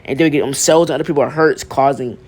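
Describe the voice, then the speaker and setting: A man voicing a big, blunt superhero mentor in a plain, halting read-out voice. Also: medium pitch, steady tone, natural voice.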